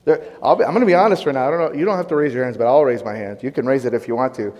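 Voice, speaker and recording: A male pastor preaching, telling a lively personal story and firing questions at the congregation. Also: mid-range voice, very fast, long reverb tail, dull audio. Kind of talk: sermon.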